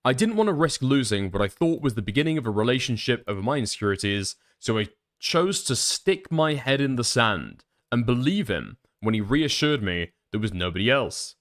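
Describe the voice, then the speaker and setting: A man riffing through a reaction stream with biting sarcasm and plenty of swearing. His pitch sits mid-range but bounces around with a lot of expression. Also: sing-song, normal speed, a bit bright. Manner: sarcastic, profane, musing aloud. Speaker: stream commentator. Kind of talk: reaction commentary.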